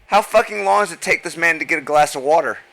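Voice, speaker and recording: A man chatting casually on a stream, halting and full of restarts. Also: on the high side, vocal fry, fairly bright tone, rough recording. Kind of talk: casual chat.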